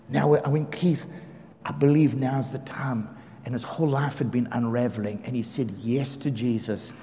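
A man preaching as a pastor, telling lively stories about his neighbours, acting out the quotes and often laughing. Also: mid-range voice, creaky, a little hiss or hum. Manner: animated storyteller, acts out quotes, laughs often. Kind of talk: sermon storytelling. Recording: reverberant hall with faint ambience.

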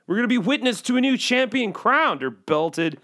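Rambling joking man, lively pitch. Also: moderate pace. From Chicago. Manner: joking, self-interrupting, trails off. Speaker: host. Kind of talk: rambling casual monologue.

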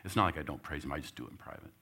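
Storyteller speaker, male, low pitch, bright edge, animated, raises his voice when quoting himself. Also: rapid-fire, gravelly, breathy edge. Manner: animated storyteller, gets loud acting out his own coaching. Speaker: church speaker. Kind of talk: storytelling talk.

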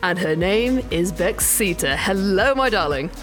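A woman hosts a casual podcast chat in a mid-pitched voice. She is bubbly and enthusiastic and laughs often as she talks. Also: expressive, measured pace, faint music behind. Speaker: podcast host.

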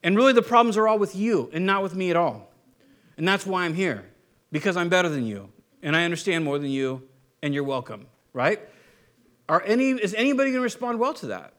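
A man preaching a sermon in a conversational way, asking his listeners rhetorical questions and swinging from animated to quiet and low. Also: brisk. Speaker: pastor.

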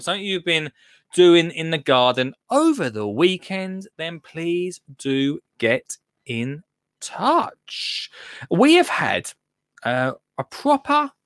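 A man's voice: on the high side, big pitch swings, slow pace, a bit bright, no echo. A British man chats through a live gardening stream from a home studio, his voice rising and falling a lot as he jokes at his own expense. The sound is close and dry, with no room around it. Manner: chatty, self-mocking, restarts a lot. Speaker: gardening show host. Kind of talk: casual live-stream chat.

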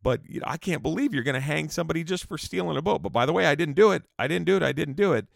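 A man's voice: rapid-fire, vocal fry, dry recording, clean studio sound. A man voicing a condemned male horse thief who frantically pleads his innocence at the gallows. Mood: frantic pleading. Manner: frantic pleading, high and whiny.

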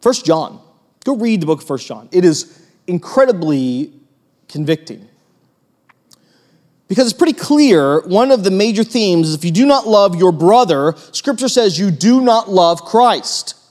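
A man preaching a sermon as pastor, animated, acting out quoted voices and putting questions to the congregation. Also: high voice, unhurried. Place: church hall with long reverb. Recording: long hall reverb.

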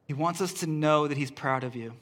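A man's voice: on the high side, brisk, a bit bright. A man, a pastor, preaching a sermon in an earnest, repetitive way that builds emphasis through restarts. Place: church service.

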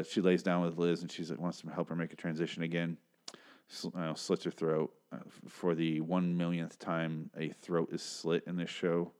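A man's voice: deep voice, a little mellow. A man hosting a casual TV episode recap, talking in a rambling, chatty way with casual swearing. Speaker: show recap host.

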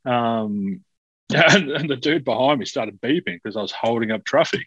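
A man's voice: mid-range voice, expressive, normal speed, fairly bright tone, slightly rough, no echo, muffled recording. A man hosting a casual podcast chat, rambling and reflective as he tells anecdotes.

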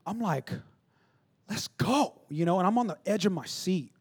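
A man preaching a sermon in a conversational, repetitive way that builds to shouting. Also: high voice, lively intonation, quick pace, husky.

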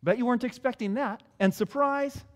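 High-voiced male pastor in a reverberant hall. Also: a little fast. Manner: conversational preaching, repeats key phrases. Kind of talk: sermon.

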